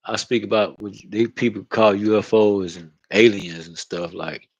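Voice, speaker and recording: A man's voice: fairly low pitch, fairly even intonation, moderate pace, vocal fry, lo-fi sound, slight background noise. A man talking casually into his own vlog, rambling and profane, often asking "you know what I mean". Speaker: channel host. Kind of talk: casual spiritual vlog monologue.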